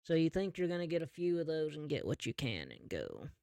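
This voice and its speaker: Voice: medium pitch, wildly swooping pitch, fairly quick, creaky, mellow, dry recording. A game master narrating a tabletop game in an easygoing, second-person storytelling way.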